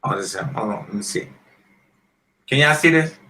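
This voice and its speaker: A man in his fifties, a former boxer and podcast guest, telling animated stories in a casual interview and often clearing his throat. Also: on the low side, moderate pace, rough recording. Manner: animated storyteller who acts out quoted voices.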